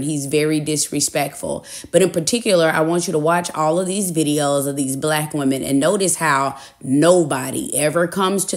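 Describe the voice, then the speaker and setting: Blunt low-voiced woman giving commentary. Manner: blunt, warning, preachy. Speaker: commentary host. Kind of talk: commentary to camera.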